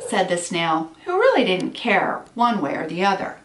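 A woman teacher reading a picture book aloud to children, pausing to ask them gentle questions. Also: on the low side, big pitch swings, slight background noise. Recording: echoey room, far from mic.

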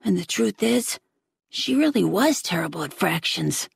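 Audiobook narrator, female, raspy fry-edged tone, close dry studio read. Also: fairly low pitch, very animated, a little slow, no echo. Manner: narrating as a young boy in first person, voicing family members. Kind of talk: scripted narration.

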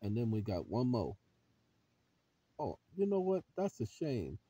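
Husky-voiced man preaching to viewers. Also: mid-range voice, wildly swooping pitch, unhurried. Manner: preachy, fires rhetorical questions at viewers; addresses viewers as ladies and gentlemen. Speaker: channel host. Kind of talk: emphatic vlog commentary.

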